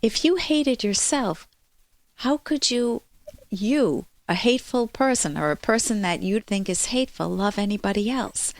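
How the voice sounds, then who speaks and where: A woman's voice: mid-range voice, measured pace, no room sound. A woman psychologist hosting an advice show, answering a listener's question and acting out examples with expression. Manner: expressive, acts out examples in changing voices.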